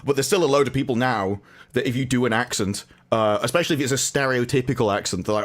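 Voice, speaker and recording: A man's voice: medium pitch, fast talker. A man talking animatedly and opinionatedly in a casual podcast chat, often laughing.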